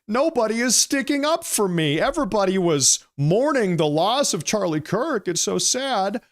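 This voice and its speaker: A man's voice: high voice, big pitch swings, moderate pace, voice pushed up. A man putting on a mocking impression of a self-pitying woman politician, in a whiny, exaggerated voice.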